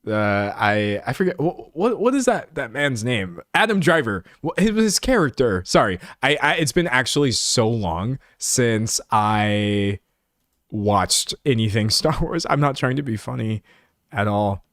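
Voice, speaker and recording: Young man, live streamer, giggly, rambling, mid-pitched, dry close sound. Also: very animated, unhurried, fairly bright tone, dry recording. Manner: giggly and rambling, talks to chat. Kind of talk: casual stream chat.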